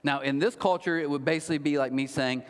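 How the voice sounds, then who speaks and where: Middle-aged male pastor, high lively voice, joking sermon, long hall reverb. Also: fast, clear, resonant tone. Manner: humorous, animated, mocking asides. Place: large church auditorium.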